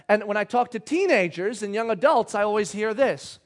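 A man's voice: high-pitched, quick pace, hardly any pauses. A male pastor giving a sermon to a live congregation, conversational and joking, often asking the crowd questions.

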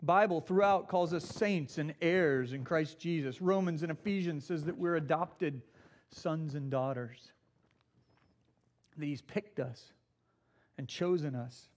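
A middle-aged male pastor preaching a sermon in a slightly high voice. He tells stories, acts out the quotes, and slows right down to stress the points he wants to land. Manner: storytelling with acted quotes, slows for emphasis.

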